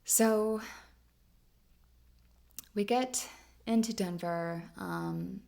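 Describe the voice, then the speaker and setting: A woman's voice: mid-range voice, very slow, vocal fry, warm tone. A woman hosting a podcast, telling a personal story in a chatty way, with lots of "like" fillers and frequent laughs. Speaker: podcast host. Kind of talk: casual storytelling monologue.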